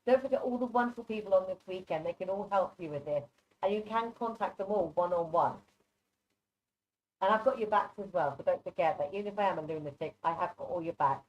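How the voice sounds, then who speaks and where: A woman's voice: lowish voice, brisk. Chatty psychic reader, woman, affectionate, dull online call audio. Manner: affectionate, chatty, calls people darling. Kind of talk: live online readings.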